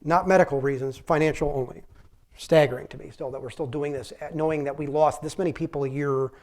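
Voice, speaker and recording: A man's voice: a little high, darkish tone. A middle-aged male physician giving an informal public lecture in a conversational, rambling way, with frequent restarts. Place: public library talk.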